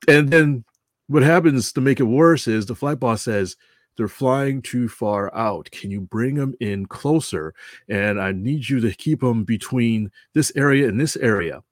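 A man's voice: medium pitch, dry recording, studio quality. A man telling a casual story about announcing at a model airplane show. He rambles, corrects himself often and chuckles as he goes.

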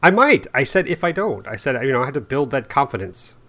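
A man's voice: medium pitch, sing-song, fairly quick, bright, forceful tone. A man co-hosting a casual hobby podcast, rambling with frequent laughs and self-deprecating asides. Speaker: podcast co-host. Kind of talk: casual chat.

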